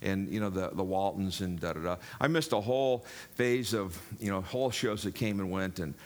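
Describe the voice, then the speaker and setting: A man's voice: deep voice, moderate pace. An older man preaching a sermon in a jokey, rambling way, talking straight to the congregation. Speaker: pastor.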